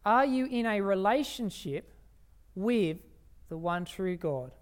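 This evening sermon comes from a preacher whose mid-range voice is smooth and resonant, with lively intonation. He leans hard on his words, draws out important phrases at a slow pace, and asks the audience rhetorical questions.

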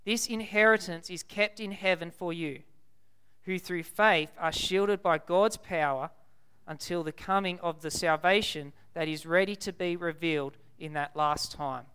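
A young Australian man preaching a sermon, stressing key words by repeating them slowly. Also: high voice, fairly even intonation, bright, forceful tone, clean tone.

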